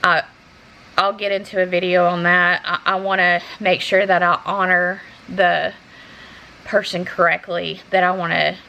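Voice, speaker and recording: A woman vlogger talking in a halting, earnest way with many restarts, close to tears as she speaks to her viewers. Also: lowish voice, creaky, bright, forceful tone, a little hiss or hum, rough recording. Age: adult. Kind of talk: unscripted personal talk to camera.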